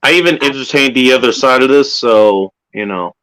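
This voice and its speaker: A man's voice: medium pitch, moderate pace, a bit bright, poor audio. A man co-hosting a casual podcast, talking in a laid-back, wry and careful way. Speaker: co-host.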